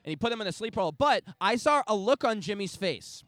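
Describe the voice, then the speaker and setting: A man's voice: sits high, animated, fairly quick, fairly bright tone, dry recording. A man co-hosting a podcast, bantering in casual chat with playful quips. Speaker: podcast co-host.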